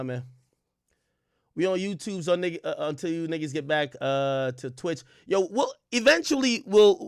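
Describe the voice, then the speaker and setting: A young man talks straight into a close desk mic, chatting loosely with his stream audience and calling out where viewers are from. His voice sits at an ordinary pitch for a man. The sound is dry, with no room echo. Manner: loose, profane, talks straight to chat, shouts out cities. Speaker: livestream host. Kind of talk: casual livestream chat, reading chat roll call.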